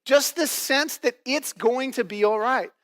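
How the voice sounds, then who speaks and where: A man's voice: extremely high pitch, unhurried, a bit bright, in a large hall. A man preaching a casual, conversational sermon to his church, full of fillers and frequent "right?" check-ins. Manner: casual, filler-heavy, keeps asking "right?". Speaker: pastor. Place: church auditorium.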